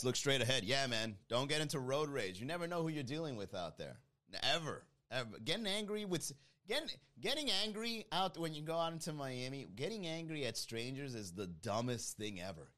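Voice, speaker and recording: Hosting a casual stream, this man reads live chat comments aloud and riffs on them in loose, joking banter, laughing often. His medium-pitched voice is animated, fairly quick, pushed, and bright.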